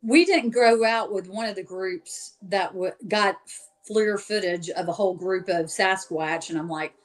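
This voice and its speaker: Woman, mid-pitched voice, chatty storyteller, lots of fillers, faint music underneath. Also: measured pace. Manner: chatty, many fillers, acts out quoted voices. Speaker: paranormal investigator guest. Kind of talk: casual storytelling interview.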